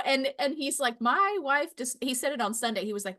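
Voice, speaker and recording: A woman host with a high, bright voice talks in a casual, expressive way. Her pitch swings widely as she agrees eagerly and laughs readily. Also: brisk. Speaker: podcast host. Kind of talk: casual faith conversation.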